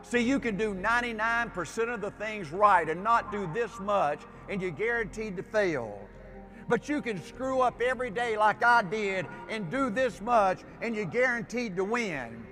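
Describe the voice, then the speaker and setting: An older man giving a motivational speech, folksy and emphatic, building up to near-shouts. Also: high-pitched, normal speed. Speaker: motivational speaker. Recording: speech with music underneath.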